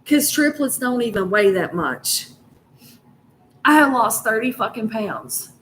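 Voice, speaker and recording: Woman, casual chat, rambling and profane, slow drawn-out delivery. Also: fairly high pitch, lively intonation, a bit bright, slight background noise, poor audio. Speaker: storyteller. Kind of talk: casual personal storytelling.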